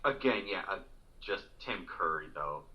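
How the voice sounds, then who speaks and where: A man's voice: deep voice, animated, a little slow. A man co-hosting a podcast, laughing often as he reminisces in casual chat. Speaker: podcast co-host. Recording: dull lo-fi podcast audio.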